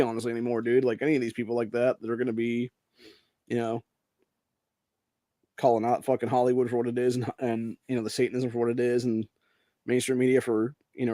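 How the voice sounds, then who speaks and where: A brash, foul-mouthed male podcast host from Ohio runs through the news in casual commentary. He keeps dropping "dude" between lines. His voice is mid-pitched, dark and mellow, and recorded dry and close with no room sound. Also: no echo. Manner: profane, brash, says dude a lot.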